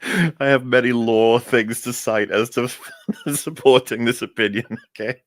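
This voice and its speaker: A man's voice: medium pitch, measured pace, dry recording. A man co-hosting a livestream chat, talking in a wry, laid-back way. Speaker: co-host.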